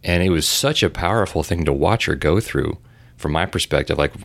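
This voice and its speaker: A man with an extremely deep voice and a gravelly edge talks in a relaxed podcast chat. He rambles through his story with plenty of fillers and restarts. The sound is dry and close, with no room around it. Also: fairly quick, no echo. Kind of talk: casual podcast conversation.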